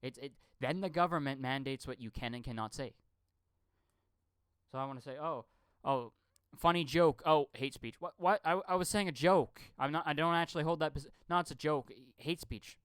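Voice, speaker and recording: A man's voice: fairly high pitch, a little fast, a bit bright, clear, resonant tone, no echo. A man rambling through a profane live-stream rant, stammering and repeating his words. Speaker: channel host.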